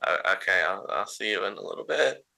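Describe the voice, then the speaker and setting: A man's voice: deep voice, brisk, gravelly, sharp tone, exaggerated voice, low-quality recording. A man voicing a nervous, shaky-voiced man on the phone who stammers and hesitates.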